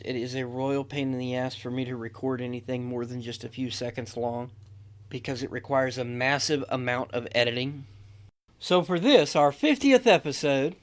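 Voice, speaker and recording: A man hosting a podcast intro, joking and folksy, with congested sinuses. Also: medium pitch. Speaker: podcast host.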